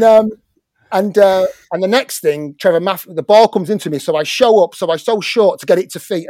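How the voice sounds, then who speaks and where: Man, fairly high voice, dry sound, sweary, rambling anecdotes, middle-aged. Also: a little mellow, dry recording. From England. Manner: swears a lot, chatty, stumbles over words. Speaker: guest, former footballer and musician. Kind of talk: casual anecdote-telling.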